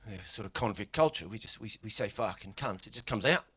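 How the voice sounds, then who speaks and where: A man's voice: lowish voice, animated, brisk, fairly bright tone, slightly rough. A middle-aged Australian man with an Australian accent, performing a rambling, swear-heavy stand-up comedy set.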